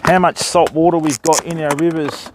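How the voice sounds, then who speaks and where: A man's voice: on the high side, fairly even intonation, moderate pace, noisy background. An Australian man from Western Australia chatting casually with viewers while fishing on a live stream. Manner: matey, chatty, talks to viewers by name. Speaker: fishing livestreamer. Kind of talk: casual livestream chat. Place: riverbank outdoors.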